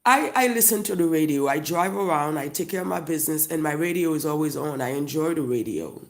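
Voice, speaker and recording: Gravelly comedian ranting with a Haitian accent. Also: mid-range voice, lively intonation, a little fast. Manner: profane, loud, mocking storytelling. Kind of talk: comedic rant to camera.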